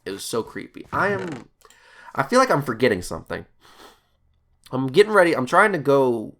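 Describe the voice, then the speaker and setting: A man's voice: medium pitch, sing-song, normal speed, a bit bright. A young man telling a rambling, profane story in casual chat while playing a video game. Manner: rambling, swearing, laughing asides. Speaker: gaming YouTuber.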